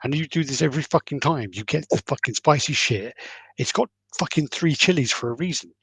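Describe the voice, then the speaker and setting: A man's voice: a little high, lively intonation, brisk, a bit bright, husky, no echo. A man co-hosting a podcast in casual chat, grumbling crude rants full of swearing. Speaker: podcast co-host.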